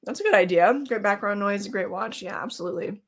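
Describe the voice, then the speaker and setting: With a gravelly mid-range voice, lively intonation and a fairly quick pace, a woman rambles about horror movies on a casual live stream. She snacks while she talks, reacting to chat with plenty of fillers and laughs.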